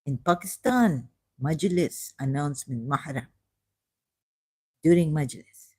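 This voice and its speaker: A woman's voice: low voice, lively intonation, slow, darkish tone, breathy edge. A woman giving casual, sarcastic commentary while reading aloud from a screen. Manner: sarcastic, mocking. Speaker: video creator.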